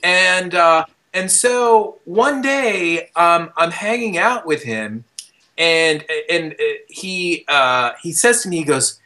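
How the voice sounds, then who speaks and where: Bright-voiced young man telling a wild story. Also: sits high, slow. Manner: animated, loose storyteller with many fillers and restarts; swears casually and shouts quoted lines. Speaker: podcast host. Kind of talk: casual storytelling chat.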